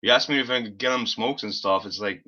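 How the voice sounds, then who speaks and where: A man's voice: lowish voice, fast, sharp tone. Rambling man on a live stream. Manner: rambling, exasperated storytelling, swears freely. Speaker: livestream host. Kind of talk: casual live-stream chat. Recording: slightly dull lo-fi stream audio.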